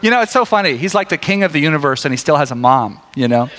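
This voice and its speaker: Male preacher with a bright, sharp tone, talking casually and joking with the crowd, recorded in a reverberant hall. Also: fairly high pitch, quick pace, slight background noise. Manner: conversational, animated, jokey asides. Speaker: pastor. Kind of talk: sermon.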